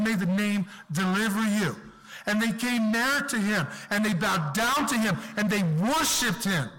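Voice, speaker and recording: A male preacher with a high-pitched voice delivers an emphatic sermon. He slows down hard on the points he wants to stress, and his voice rings with the long reverb of a big hall. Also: bright, forceful tone.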